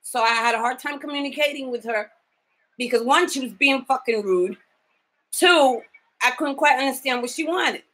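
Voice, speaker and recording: A woman with a fairly high voice records a casual video diary about her caregiving job. She sounds tired from too little sleep. She talks bluntly and swears freely as she vents. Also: moderate pace, fairly bright tone, poor audio. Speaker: home caregiver.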